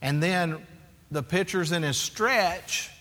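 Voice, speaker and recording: A man in his forties preaches with a bright, forceful, fairly high voice. He is animated and self-deprecating, acts out little scenes and calls for amens. The sound carries a long, echoey hall reverb. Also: takes it slowly. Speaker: pastor. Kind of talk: sermon.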